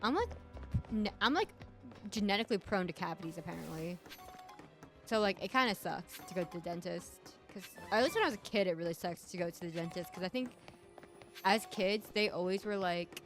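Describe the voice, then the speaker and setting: A woman streamer, her voice stuffy from congestion, rambles to her chat while giving casual commentary on a game. Her voice is fairly low and a little fast, with soft background music.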